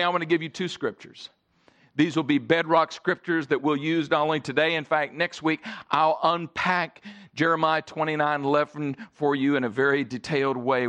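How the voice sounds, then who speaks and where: A man preaching as a pastor, swinging between loud stressed phrases and quiet asides, often asking the congregation questions. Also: mid-range voice. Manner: engages audience with questions. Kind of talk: sermon.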